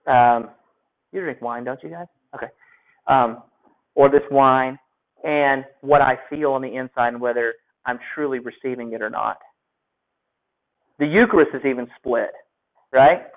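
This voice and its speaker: A man's voice: medium pitch, a little slow, pauses often. A male teacher giving a classroom lecture, talking conversationally and asking his students questions. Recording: phone-like lo-fi audio.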